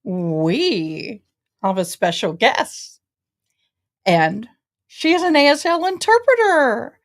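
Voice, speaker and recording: A woman's voice: on the high side, big pitch swings, slow. A woman hosting a casual livestream, bubbly and effusive, greeting viewers as y'all. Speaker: host of a legal news channel.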